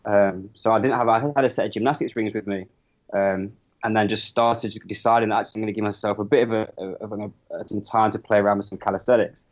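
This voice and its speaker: Fast-talking low-voiced man, lo-fi. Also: steady tone. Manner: rambling, restarts mid-sentence. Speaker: podcast guest, business co-founder. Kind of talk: casual interview chat.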